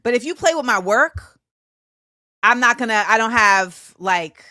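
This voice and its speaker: A woman, hosting a show and telling a story in a casual, animated way. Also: a little high, a little slow, dry recording, studio quality. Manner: animated, acts out quoted voices, laughs often. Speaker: show host.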